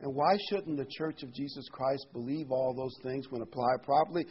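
A man's voice: mid-range voice, normal speed, slightly rough, highs cut off. A man preaching a Bible sermon in a conversational, emphatic way, his voice rising sharply on key words.

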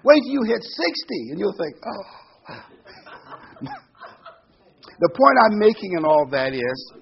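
A man's voice: high-pitched, big pitch swings, normal speed, vocal fry. A man in his sixties giving an informal Bible teaching in a conversational, folksy way, with frequent ums and asides. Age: 60s. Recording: dull lo-fi recording.

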